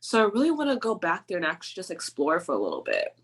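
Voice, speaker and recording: Woman, low voice, casual podcast chat, rambling, searching for words. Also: wildly swooping pitch, fast talker, breathy edge. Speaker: podcast co-host.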